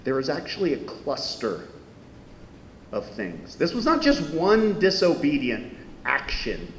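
A man delivers a sermon in a conversational style, peppered with rhetorical questions. His voice sits a little high for a man. The sound is roomy, with a long hall echo and a faint low rumble behind it. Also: wildly swooping pitch, measured pace, a bit bright. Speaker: pastor.

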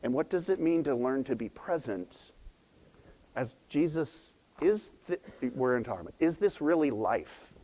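A middle-aged man, a pastor, preaching a sermon in a conversational, storytelling way. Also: medium pitch. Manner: conversational storytelling with animated quoted voices.

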